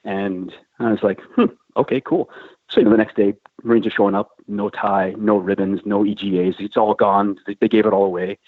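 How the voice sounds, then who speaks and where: A man's voice: fairly low pitch, brisk, few pauses, dry recording. Profane storytelling man on a tinny line. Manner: crude, profane, animated anecdote with quoted voices. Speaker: podcast host telling a war story. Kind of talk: casual storytelling. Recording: phone-like, narrow band, dry.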